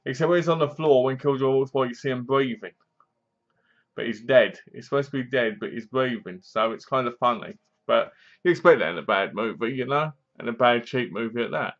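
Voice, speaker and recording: A man's voice: mid-range voice, a little fast, dull audio. Man giving a rambling, mocking movie review. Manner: rambling, acts out bits of scenes in funny voices; dry, mocking. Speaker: film reviewer. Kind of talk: casual spoken movie review.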